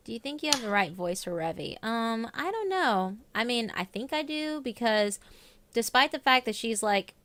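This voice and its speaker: A woman's voice: a little high, moderate pace. A young woman with a light Southern US accent hosting a live stream, chatting animatedly with guests. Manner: chatty, animated fan talk. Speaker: stream host. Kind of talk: casual live-stream chat.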